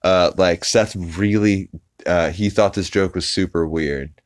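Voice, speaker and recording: Deep-voiced man rambling through a recap. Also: steady tone, unhurried. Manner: rambling, full of fillers and restarts. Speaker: podcast host. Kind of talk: casual episode recap.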